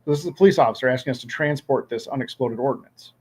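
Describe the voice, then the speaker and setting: A man from Ohio telling a lively magnet fishing story in a casual chat, acting out quotes and often repeating words. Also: mid-range voice, quick pace, slightly rough.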